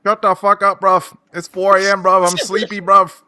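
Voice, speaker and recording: Brief: New Yorker doing a loud mock London accent, sleepy and grumpy, higher than his own voice. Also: flat delivery, moderate pace, dry recording, clean studio sound. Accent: put-on London. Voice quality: loud, clipped, repeats "bruv".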